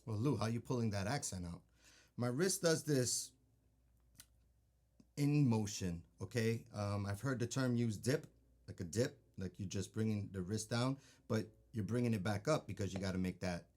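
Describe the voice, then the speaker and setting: Speaking at a normal speed in a lowish voice, a drum teacher demonstrates technique, counting beats out loud and regularly asking "okay?". His patient explanations compete with loud drumming and stick clicks.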